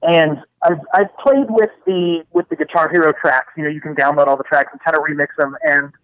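Thoughtful guest on a dull, lo-fi line. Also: male voice, fairly high pitch, a little fast, dry recording. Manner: thoughtful, articulate. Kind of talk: casual chat.

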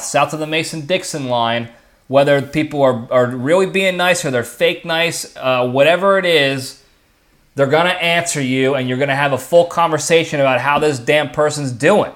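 A man's voice: on the high side, fairly bright tone. Chatty man giving casual advice. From lives in Texas. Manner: chatty, keeps checking in with okay and all right. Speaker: podcast host. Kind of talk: casual solo monologue.

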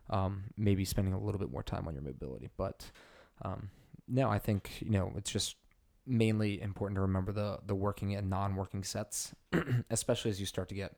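Male podcast co-host: gravelly, casual, lots of fillers. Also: deep voice, fairly quick, hardly any pauses, darkish tone. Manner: loose, filler-heavy delivery with many "you know"s. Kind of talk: casual chat.

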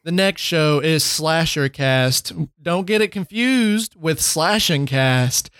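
A man's voice: fairly high pitch, animated, slow, a bit bright, clean tone, no room sound, studio quality. Joking laid-back male podcast host. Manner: laid-back, jokey, trailing fillers. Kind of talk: casual chat.

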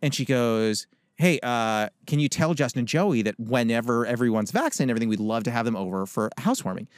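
A man chatting casually as a podcast guest, telling animated stories and acting out quotes with big jumps in his voice. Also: medium pitch, quick pace, dry recording, studio quality. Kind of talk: casual chat. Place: podcast studio.

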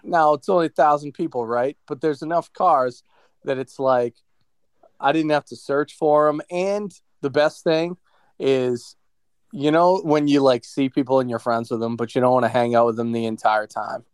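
Smooth-voiced man in dry close sound. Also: medium pitch, fairly even intonation, normal speed, dry recording. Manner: reflective, talks about faith. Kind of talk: casual conversation.

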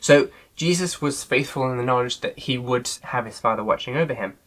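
A man's voice: medium pitch, fairly quick, a bit bright, rough recording. A man leading an online Bible study in a casual teaching style, earnest and loosely phrased with frequent filler sounds.

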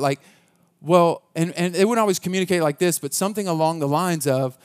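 A man's voice: a little high, a little fast. A man preaching a conversational sermon as pastor, earnest and casual, often restarting his sentences.

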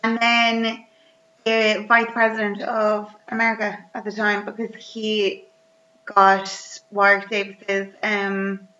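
A woman chatting casually, retelling a film's plot with animated, sweary humour and acting out the characters. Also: medium pitch, takes it slowly. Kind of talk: casual chat. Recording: roomy, slightly dull recording.

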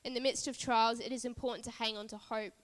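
A woman's voice: fairly high pitch, fairly even intonation, quick pace, in a large hall. A woman preaching a sermon at a church service, earnest and repetitive, building emphasis phrase by phrase.

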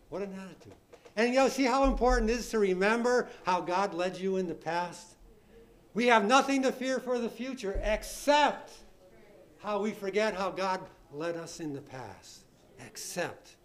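A man's voice: high-pitched, lively intonation, moderate pace. A man preaching a sermon, reading scripture aloud with rising emphasis and asking his listeners rhetorical questions.

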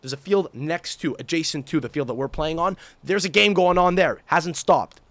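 Young male podcast host, animated profane storyteller, dry close mic. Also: fairly high pitch, normal speed, dry recording. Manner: animated, profane, mimics people in shouty voices. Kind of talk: casual chat, ranting storytelling.

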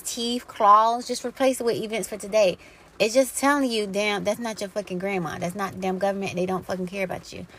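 A woman hosting a solo podcast in a fervent monologue. She speaks bluntly, swears freely and preaches with emphatic rhetorical questions. Her voice sits at an ordinary middle pitch. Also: fairly bright tone. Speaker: podcast host.

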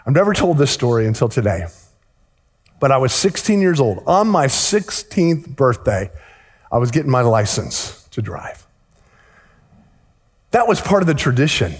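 A man preaching a sermon, telling a story and acting out the dialogue in lively fashion. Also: mid-range voice, moderate pace, pauses often, breathy edge. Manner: animated, acts out dialogue in the story. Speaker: pastor. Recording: long hall reverb.

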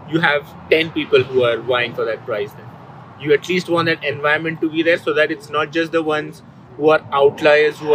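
Man speaking over background noise. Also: a little high. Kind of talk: casual conversation. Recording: noisy background.

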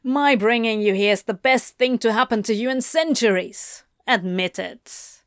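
A woman's voice: a little high, normal speed, a bit bright, dry recording, clean studio sound. A woman voicing a sullen, hot-tempered man who growls and snaps. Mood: snarling. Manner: growling, snappish.

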